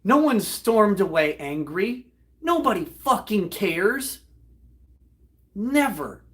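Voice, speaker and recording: A man, host of a live online show, retelling a comedy act in a loud, profane, animated way and breaking into laughter. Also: high voice, slow pace. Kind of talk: casual storytelling on a livestream.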